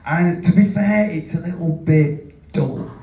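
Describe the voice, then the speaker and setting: A man from Yorkshire tells rambling, self-mocking stories at a book launch. His voice is mellow and even. It comes from a distance in an echoey room. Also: a little high, a little slow, vocal fry. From Yorkshire, England. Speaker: author. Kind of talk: casual chat at a live book launch. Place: event room. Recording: roomy hall, mic far off.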